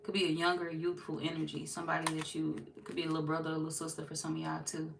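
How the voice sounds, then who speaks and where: A woman's voice: sits low, completely flat delivery, quick pace, gravelly, background noise. A woman giving a casual, chatty tarot reading to her viewers, laughing often and slipping into playful quoted voices. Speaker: tarot reader.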